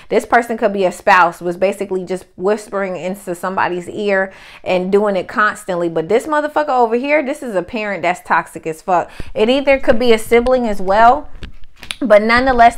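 A woman giving a casual tarot reading, blunt and profane with lots of slang. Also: medium pitch. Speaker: tarot reader.

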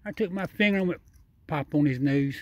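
A man's voice: fairly high pitch, fairly quick, dry recording. A man talking casually outdoors at night, coaxing a wild animal and rambling on with repeated phrases, chuckles and nonstandard speech. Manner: chatty and repetitive, coaxing and laughing, nonstandard speech. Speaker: vlogger feeding a wild raccoon. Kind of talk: casual running commentary to camera and animal.

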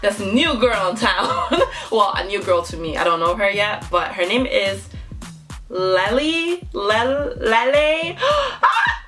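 A woman's voice: medium pitch, moderate pace, few pauses, sharp tone, faint music behind. A woman hosting a casual reaction vlog, bubbly and giggly, gushing out exclamations to her viewers. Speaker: YouTube reaction host.

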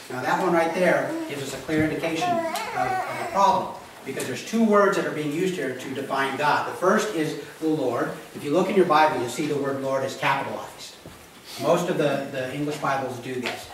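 A man's voice: fairly high pitch, lively intonation, moderate pace, fairly bright tone, slight background noise. A male pastor giving a conversational teaching sermon and checking in with his congregation as he reads scripture. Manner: conversational teaching, often asking "Okay?". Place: church sanctuary. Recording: echoey room mic from a distance.

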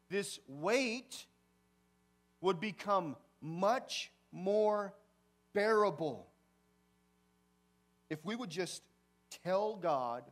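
Animated high-voiced man preaching. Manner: animated storytelling, swings from quiet to shouting. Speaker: pastor. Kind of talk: sermon. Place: church sanctuary.

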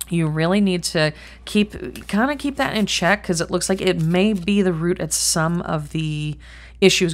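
A middle-aged woman gives a chatty tarot reading to camera, rambling, thinking aloud, swearing casually and speaking bluntly. Her voice is lowish and creaky.

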